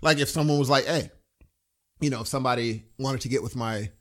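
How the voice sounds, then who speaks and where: A middle-aged man co-hosts a podcast in casual conversation, speaking at a fairly quick pace with a medium-pitched voice. He's animated and acts out the things people would say.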